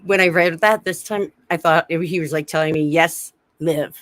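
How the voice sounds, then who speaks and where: A woman's voice: lowish voice, a little fast, fairly bright tone, no room sound. A woman with a slight lisp co-hosting a casual live stream from a rented room on her phone, chatting and laughing with viewers. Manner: giggly, chatty with chat readers. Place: Airbnb room.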